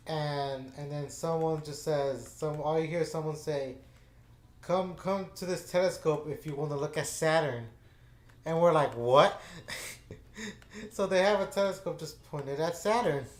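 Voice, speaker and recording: A man's voice: a little high, moderate pace, darkish tone. Rambling man telling a story in an echoey room. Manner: rambling, with many fillers and restarts. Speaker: gaming channel host. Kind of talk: casual storytelling chat.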